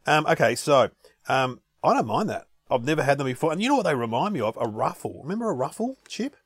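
A man's voice: on the high side, fast talker, husky, dry recording, studio quality. A man, co-hosting a podcast and chatting casually while tasting food. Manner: chatty, animated, puts on voices in anecdotes. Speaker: podcast co-host.

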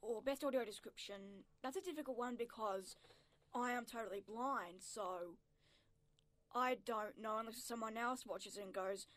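Woman, higher-pitched, earnest explainer, radio guest, dry close mic. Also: normal speed, a bit bright, dry recording. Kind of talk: casual radio chat. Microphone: studio microphone.

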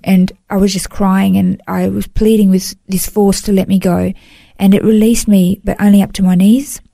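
A woman giving an earnest, emotional personal testimony in a podcast interview, halting now and then to restart a thought. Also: mid-range voice, little pitch movement, vocal fry, warm tone, no echo, studio quality. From Australia. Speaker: interview guest.

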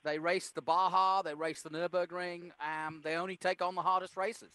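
A male co-host with a high, bright, forward voice, wry and teasing in casual chat. He sometimes trips over his first words before settling into his point, and the sound is dry and close. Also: flat delivery, clean tone, no echo. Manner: wry, teasing, halting starts.

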